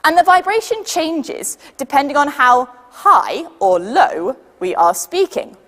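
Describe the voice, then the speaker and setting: A woman with a British accent leading a children's science demonstration, patient and lively, counting down for the audience to join in. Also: high voice, unhurried, long reverb tail. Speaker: science workshop leader.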